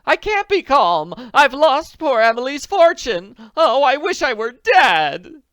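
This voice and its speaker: A man voicing an excitable, foolish older woman who shrieks in a frantic panic. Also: takes it slowly, no echo, heavily acted. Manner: shrill, frantic, screaming.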